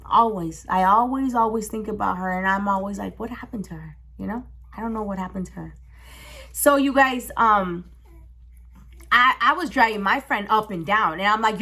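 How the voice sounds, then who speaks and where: A young woman telling a storytime on her vlog, emotional and animated, swearing freely. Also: medium pitch. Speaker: vlogger. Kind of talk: casual storytime.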